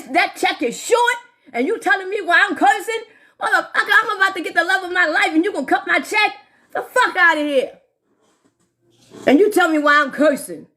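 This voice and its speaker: A woman's voice: very high voice, pushed and bright. A woman in her forties ranting on a live stream, swearing constantly and talking straight to her viewers. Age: 40s. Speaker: livestreamer. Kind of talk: profane live-stream rant.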